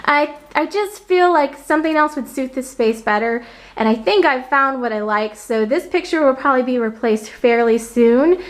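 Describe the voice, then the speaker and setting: A woman's voice: high voice, expressive, moderate pace. A young woman giving a casual, enthusiastic tour of her home's decor as a vlogger, chatting about her favorite pieces. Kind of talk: casual home tour walkthrough. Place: indoors in her own home, furnished living room.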